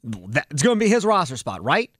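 Animated man ranting on sports talk. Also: on the high side, moderate pace, no echo, studio quality. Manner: animated, heated rants. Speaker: sports radio host.

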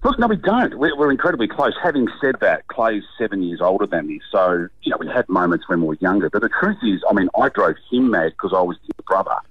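A man with an Australian accent, a guest on a radio show, telling stories in an animated way and laughing often. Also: lowish voice, fast talker, hardly any pauses, breathy edge, no echo, dull audio. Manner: animated, laughs through stories, repeats words. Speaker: guest actor. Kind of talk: casual radio chat, telling funny stories. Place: radio studio.

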